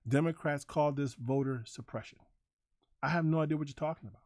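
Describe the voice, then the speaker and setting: A man's voice: a little high, fast talker, darkish tone, dry recording, clean studio sound. A man hosting a livestream, ranting to his chat in a combative, profane, repetitive way. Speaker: livestream host.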